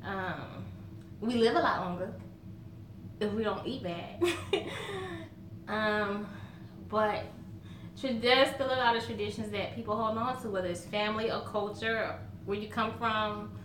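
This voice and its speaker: A woman's voice: medium pitch, a little slow, long pauses, background noise. A woman with a Southern American accent chatting to camera in a folksy way, laughing often as she tells stories. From Southern United States. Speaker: vlogger. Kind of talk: casual chat to camera. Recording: roomy echo.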